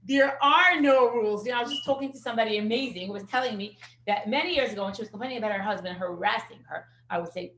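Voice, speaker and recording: A woman teaching a parenting class in a casual, animated storytelling way, acting out what people said and dropping in Yiddish words. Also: mid-range voice, fast talker, hardly any pauses. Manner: animated storyteller who acts out quotes and sprinkles in Yiddish words. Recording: echoey room.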